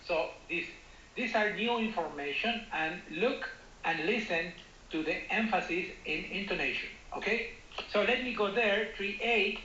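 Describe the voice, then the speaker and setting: Male English teacher, bright tense tone, patient explanations, roomy lo-fi sound. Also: sits high, a little hiss or hum. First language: Spanish. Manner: explains patiently, checks understanding with repeated "okay?". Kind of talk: online class explanation.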